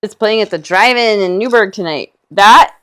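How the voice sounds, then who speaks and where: Female co-host at an ordinary pitch; relaxed, talkative, quick to laugh. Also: clear, resonant tone. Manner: chatty, laughs easily, rambling asides. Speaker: co-host painting along. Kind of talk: casual chat during a painting livestream.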